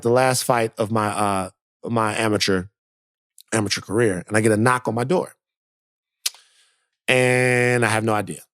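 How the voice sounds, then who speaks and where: This podcast co-host has a lowish voice, captured dry and clean in a studio. Chatting casually, he tells a story and gives the quotes lively, animated performances.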